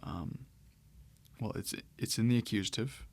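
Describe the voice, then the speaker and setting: Low, gravelly male teacher. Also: moderate pace. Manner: relaxed, thinking aloud with fillers and restarts. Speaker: Greek teacher. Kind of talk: lecture.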